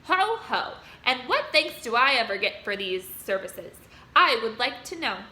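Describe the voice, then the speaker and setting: A lazy, self-pitying rat who grumbles and mocks with heavy sarcasm, put on by a woman. His loud, bright complaints echo in a roomy space. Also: on the high side, very animated, measured pace, exaggerated voice. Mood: sarcastic. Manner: sarcastic, mocking, growling.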